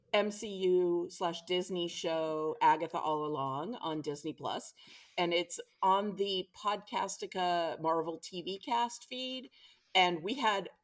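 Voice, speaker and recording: A woman's voice: fairly low pitch, fairly bright tone. A woman co-hosting a podcast, chatting enthusiastically. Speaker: podcast co-host. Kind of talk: casual podcast chat.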